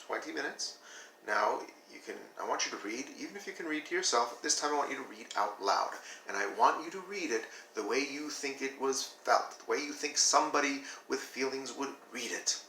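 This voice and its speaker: Brief: male teacher, bright gravelly tone, lively demos, roomy distant sound with faint hiss. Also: mid-range voice, brisk. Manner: animated, demonstrates flat versus expressive reading. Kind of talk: classroom video lesson.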